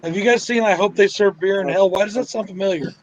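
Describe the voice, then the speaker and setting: A man's voice: sits high, fast talker, slight background noise, poor audio. A man hosting a casual group chat online, laid-back and swearing casually. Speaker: host.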